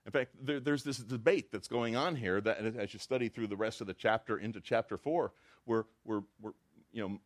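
A man preaching a sermon to a church congregation, acting out the dialogue he quotes in an animated way. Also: fairly low pitch, normal speed. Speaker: pastor.

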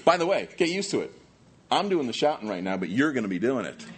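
Emphatic pastor preaching, loud and hushed. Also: male voice, big pitch swings. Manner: emphatic, swings from loud shouting to hushed low tones; reads scripture aloud with slow stressed delivery. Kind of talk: sermon.

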